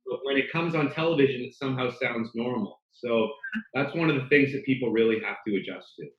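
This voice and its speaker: A man's voice: medium pitch, fairly quick, echoey room, lo-fi sound. A middle-aged man, a sports broadcaster, telling self-deprecating stories in a casual interview. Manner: storytelling, self-deprecating, animated.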